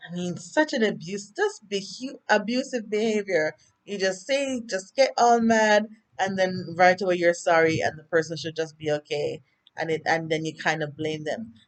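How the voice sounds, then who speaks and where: Her voice sits on the low side at a normal pace, with a Jamaican lilt. She's a vlogger breezily summarizing a TV episode, rambling off-topic now and then and voicing the characters' lines herself.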